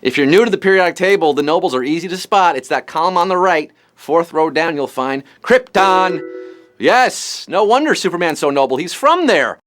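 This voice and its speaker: A man's voice: on the high side, animated, a bit bright, faint music behind. A man hosting a live trivia show, firing off puns and jokes between the questions. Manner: punny, jokey, fast-talking quizmaster. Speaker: quiz show host.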